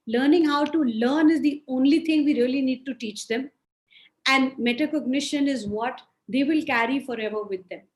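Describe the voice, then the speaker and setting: A woman from India speaking firmly as a panelist in an online discussion, often pausing with "uh". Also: sits high. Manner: firm, with frequent hesitations. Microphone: video call. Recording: echoey room.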